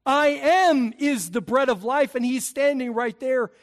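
A man preaching a sermon, emphatic, swelling loud on key phrases and dropping low and quiet between them. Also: moderate pace.

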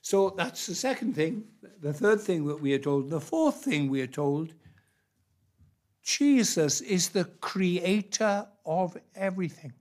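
A man preaching a sermon, unhurried and emphatic, dropping soft and then rising loud on key phrases. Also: sits high, expressive.

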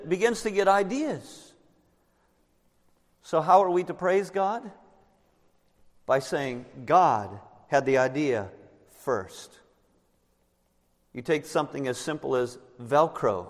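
A man's voice: a little high, lively intonation. Preaching man in a reverberant church. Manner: emphatic preaching, slows down on key words. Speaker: pastor. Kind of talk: sermon. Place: church sanctuary. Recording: long reverb in a large church.

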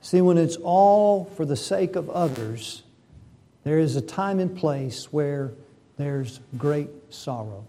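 A man's voice: a little high, warm tone. A man preaching a sermon, reading scripture and building to fervent emphasis. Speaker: pastor.

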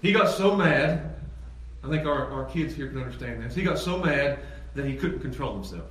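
A man preaching a sermon as pastor, animated, swinging from loud excited peaks to low emphatic lines. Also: normal speed. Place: church sanctuary. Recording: echoey church hall from far off, faint ambience.

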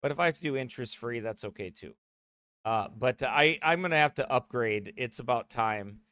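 A man's voice: medium pitch, moderate pace, pushed and bright, dry recording. A man who pastors, chatting casually with his streaming congregation in a rambling way, full of restarts, speaking close to a desk mic beside his streaming computer.

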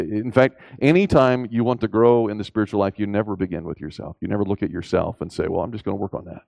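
Gravelly low-voiced male preacher. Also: a little mellow, no echo. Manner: emphatic, rises in pitch on key points, asks rhetorical questions. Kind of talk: sermon.

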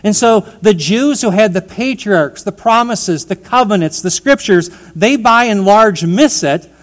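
A man's voice: high voice, lively intonation, unhurried. A man preaching an expository sermon, reading scripture aloud and explaining its words with emphasis, speaking to the congregation as "dear ones".

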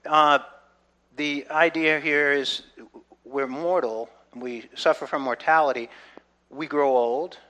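Man, fairly high voice, earnest conversational Bible teacher, shifts from hushed to loud and excited. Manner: earnest, often checks in with "right?"; swings between soft reflective and loud excited delivery.

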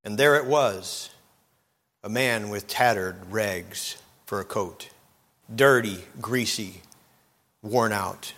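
A man preaching a sermon, telling a story dramatically and swinging between loud and hushed moments. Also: fairly low pitch, takes it slowly, pauses often, long reverb tail. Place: church.

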